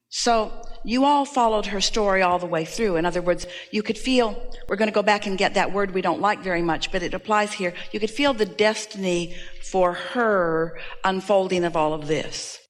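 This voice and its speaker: A woman teaches a seminar audience, always speaking as "we". Her delivery is measured and deliberate, at a middling pitch. Long reverb from a large hall hangs behind every phrase. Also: fairly bright tone. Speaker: spiritual teacher answering questions.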